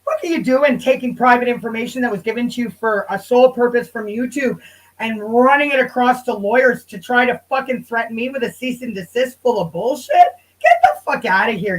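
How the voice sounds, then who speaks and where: A woman's voice: a little high, rough recording. A woman livestreaming on her channel, ranting in a casual, profane and heated way and now and then drifting away from the mic. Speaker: YouTube livestreamer.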